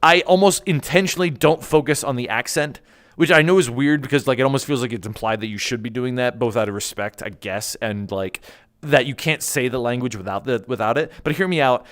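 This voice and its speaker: A man's voice: mid-range voice, a little fast, a bit bright. A young man chatting casually on a live stream, rambling and jokey as he reads chat aloud.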